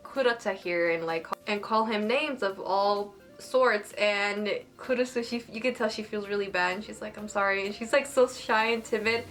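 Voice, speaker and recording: A young woman giving a casual, excited episode review, gushing and saying "like" constantly. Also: medium pitch, moderate pace, few pauses, faint music behind. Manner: gushing, excitable, heavy use of "like". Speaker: anime reviewer.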